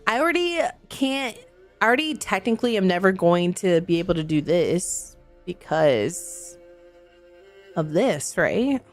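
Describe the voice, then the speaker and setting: A woman's voice: fairly low pitch, sing-song, unhurried, soft background music. Chatty giggly woman game streamer. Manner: chatty, giggly, reads chat aloud. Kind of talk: casual chat while playing a video game.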